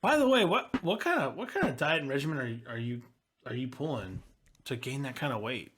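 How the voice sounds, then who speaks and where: A man's voice: mid-range voice, lively intonation, a little fast, fairly bright tone, slightly rough. A man co-hosting a casual wrestling podcast, reading through history notes and adding wry asides. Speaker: podcast co-host.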